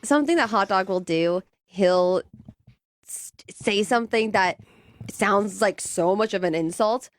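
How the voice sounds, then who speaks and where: A woman's voice: medium pitch, measured pace. A woman as a guest on a radio show, chatting casually and protesting with flustered laughter. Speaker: studio guest. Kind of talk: casual on-air chat. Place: radio studio. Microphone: studio microphone.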